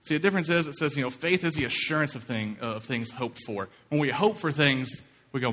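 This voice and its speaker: A man's voice: medium pitch, fairly quick, few pauses, a bit bright. A man from Kentucky preaching a sermon, telling a story and acting out quoted voices. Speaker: pastor. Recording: long hall reverb.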